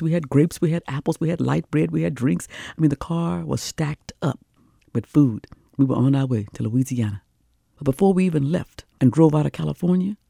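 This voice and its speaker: Older woman storyteller, warm gravelly voice, rhythmic and animated delivery. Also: low-pitched, no room sound, clean studio sound. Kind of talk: oral storytelling performance.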